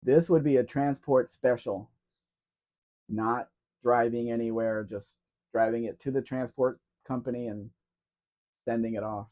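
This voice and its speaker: A man's voice: mid-range voice, fairly even intonation, measured pace, long pauses. A man co-hosting a casual live question-and-answer stream, musing offhand about old cars. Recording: dull lo-fi stream audio.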